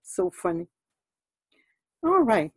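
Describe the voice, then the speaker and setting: A woman's voice: medium pitch, sing-song, takes it slowly, a little mellow, husky, no echo, rough recording. A woman teaching an art lesson in a chatty, casual way, laughing often and trailing off with fillers as she draws. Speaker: art instructor. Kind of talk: casual teaching while drawing.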